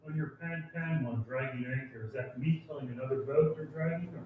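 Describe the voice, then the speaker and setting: A man's voice: medium pitch, a little fast. A man in the audience asks a question, sounding far from the microphone. His voice comes through thin and narrow, like a phone line. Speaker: audience member asking a question. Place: seminar room, off-mic.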